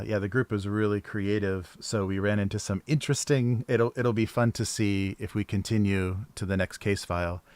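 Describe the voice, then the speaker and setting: A man co-hosting a casual livestream chat, talking in a halting way with many pauses and fillers. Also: lowish voice, dry recording. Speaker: co-host and game master.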